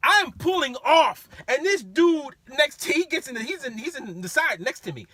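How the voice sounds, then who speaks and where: Male rideshare driver, lively storyteller, high bright voice, dry sound. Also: normal speed, dry recording. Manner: animated, laughing, acts out voices. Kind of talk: casual storytelling.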